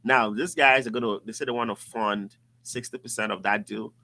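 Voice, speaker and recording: A man's voice: fairly low pitch, brisk. A man hosting a casual talk show, telling stories with animation and acting out the voices of others. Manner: animated storyteller, acts out voices. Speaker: show host. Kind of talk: casual podcast chat.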